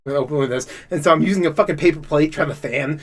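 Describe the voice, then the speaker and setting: A man with a fairly high voice tells a long, profane story as a podcast co-host. He rambles and restarts, and he gets loud and laughing as the story heats up. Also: racing, crowd noise. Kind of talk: casual chat.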